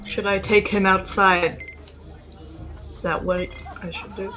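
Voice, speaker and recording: A woman's voice: medium pitch, level tone, slow, bright, forceful tone, slight background noise. A woman playing a tabletop role-playing game, casual and often laughing. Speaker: player.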